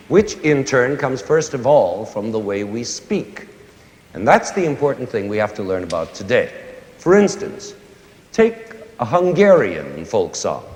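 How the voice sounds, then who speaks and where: A conductor with a mid-range voice gives a concert lecture, explaining music to young listeners. His voice rises and falls with lively expression, and he pauses to sing and hum short examples. The roomy sound has a long concert-hall reverb.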